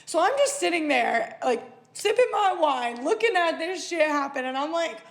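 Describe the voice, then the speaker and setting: A woman in her twenties hosting a podcast, telling a personal story in a casual, animated way, swearing freely and acting out what people said. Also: sits high, normal speed, vocal fry. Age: 20s. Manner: animated, swears freely, acts out quoted voices. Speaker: podcast host.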